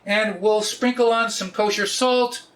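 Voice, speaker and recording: A man, hosting a casual cooking vlog in a joking, often loud way. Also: high voice, fairly even intonation, a little slow. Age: 60s. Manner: jokey, often laughs and raises his voice. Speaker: cooking video host.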